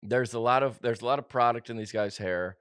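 A man's voice: mid-range voice, fairly quick, a bit bright, clear, resonant tone, dry recording, clean studio sound. A man hosting a podcast, chatting casually and jokingly, rambling and correcting himself as he goes. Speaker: podcast host. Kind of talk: casual comedic chat.

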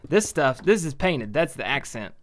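Young male game host, casual and rambling, pokes fun at himself, average pitch. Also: big pitch swings, moderate pace. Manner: chatty, self-mocking, thinking aloud. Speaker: gaming video host. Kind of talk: casual let's-play commentary.

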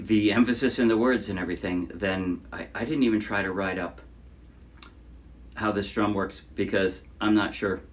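A man teaching a ukulele song in a casual, chatty way, often trailing off softly and poking fun at himself. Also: on the low side. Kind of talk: casual tutorial explanation. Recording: loud ukulele playing under the voice. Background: ukulele strumming.

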